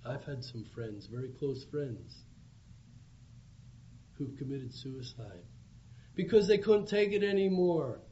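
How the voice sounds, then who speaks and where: A man's voice: mid-range voice, expressive, slow, pauses often, dark tone. A man preaching an evangelistic sermon, with earnest, pleading appeals. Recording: dull lo-fi recording with faint background hum.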